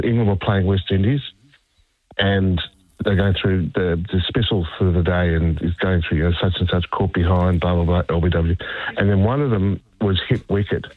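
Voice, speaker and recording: A man calling in to a radio show, telling an anecdote in an animated way. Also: low-pitched, no echo. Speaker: caller. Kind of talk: phone-in chat. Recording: tinny dry phone line.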